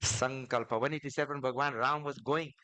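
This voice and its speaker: A man's voice: mid-range voice, brisk, no room sound. Man giving a devotional sermon. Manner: animated, repetitive storytelling with rising emphasis. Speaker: swami, spiritual teacher.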